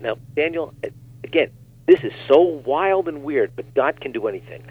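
A man, a guest minister, telling animated stories on a talk show and acting out the quotes. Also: mid-range voice, normal speed, breathy edge. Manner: animated storyteller, acts out quotes. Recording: tinny phone line.

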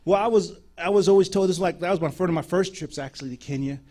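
A man preaching a sermon, telling mission stories in an animated way, acting out voices and laughing often, in a church before a live audience. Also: high-pitched, quick pace. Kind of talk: sermon storytelling.

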